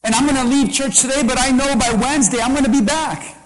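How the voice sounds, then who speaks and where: High-pitched male pastor delivering a fervent, repetitive sermon in a reverberant hall. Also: steady tone, quick pace. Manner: impassioned, repetitive preaching cadence.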